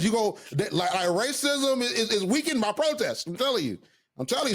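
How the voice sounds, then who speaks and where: Male co-host, slightly higher voice, animated and emphatic, casual sports chat. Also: brisk. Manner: animated, emphatic, with frequent restarts and asides. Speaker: podcast co-host.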